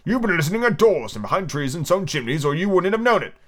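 A man's voice: on the high side, sing-song, fast, fairly bright tone, faint music behind, voice pushed up. A man voicing a pompous, touchy male egg-shaped creature who talks down with scornful growls in an amateur podcast book reading. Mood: haughty.

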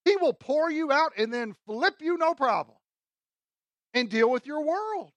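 A woman's voice: high-pitched, very animated, a little slow, no room sound. A woman teaching a sermon through a Bible passage, emphatic and conversational, often asking her listeners rhetorical questions. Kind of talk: expository sermon.

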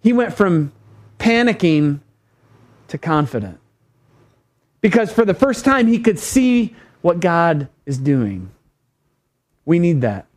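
A man's voice: fairly high pitch, sing-song, takes it slowly, pauses often. A man preaching a sermon as pastor, emphatic, repeating phrases and calling for amens.

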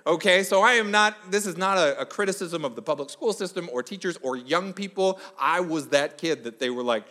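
Animated preacher man in a reverberant hall. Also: a little high, a little fast. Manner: animated storytelling, acting out quoted voices. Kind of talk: sermon.

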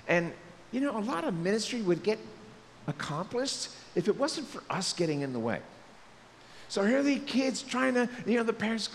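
Pastor guy preaching, high voice all over the place, goofy bits, church echo, faint noise behind. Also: normal speed. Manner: lively, joking, acts out quotes in voices. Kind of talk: sermon. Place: church sanctuary.

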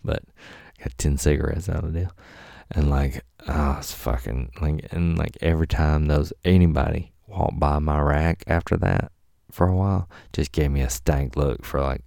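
A man tells a rambling, profane story in a casual way and acts out the people in it. His voice is very low and gravelly, with a dark, mellow tone. The recording is close and dry. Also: steady tone, normal speed, no room sound.

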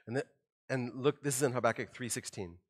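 A middle-aged man preaching a sermon in a church, conversational and animated, acting out the quoted lines with rising emphasis. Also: medium pitch, fairly quick. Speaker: pastor.

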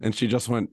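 A slightly hoarse man telling rambling stories with lots of laughs as a podcast co-host in casual chat. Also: lowish voice, a little mellow, a little hiss or hum.

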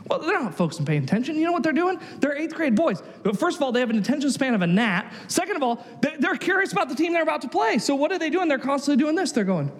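High-voiced animated man preaching. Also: fast talker, hardly any pauses, long reverb tail. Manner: animated storyteller who acts out quotes. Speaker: pastor. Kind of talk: sermon.

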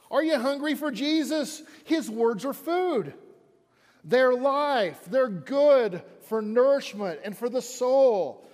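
A man's voice: very high voice, long reverb tail. A man preaching a sermon in an auditorium, in a conversational way that repeats lines for emphasis. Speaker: pastor.

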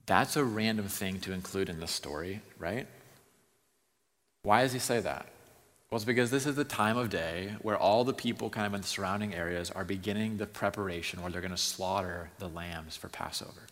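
A man with a fairly low but bright, forceful voice preaches a sermon. He drops to a near whisper and then builds to loud, fervent preaching. His voice rings out with a long reverb, as in a large hall. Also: brisk. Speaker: pastor.

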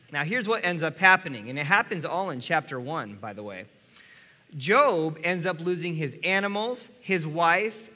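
Male pastor, earnest sermon, bright tense tone, long hall reverb. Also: fairly high pitch. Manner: earnest, addresses listeners directly.

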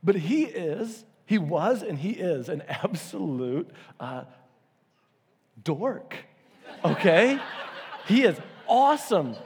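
A man preaching a sermon as a pastor, telling stories with lively, acted-out quotes and sudden jumps in pitch. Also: takes it slowly, pauses often, husky. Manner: animated storytelling, acting out quotes with big pitch jumps. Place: church auditorium. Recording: long hall reverb.

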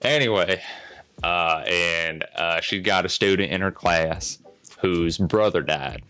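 Low-voiced Southern man recapping a film. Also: slow, pushed and bright, smooth. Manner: rambling, many fillers and restarts. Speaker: podcast co-host. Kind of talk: casual chat, recapping a movie.

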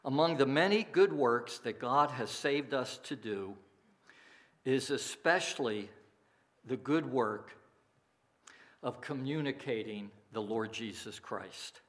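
A male pastor delivers a sermon at an unhurried, measured pace. His voice sits in a middle pitch, and he leans on key phrases with emphasis. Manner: slow, deliberate preaching with emphatic phrasing.

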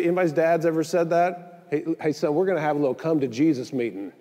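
A man's voice: on the high side, darkish tone, in a large hall. A male pastor delivering a sermon in a conversational style, mixing in joking asides, recorded in a church sanctuary.

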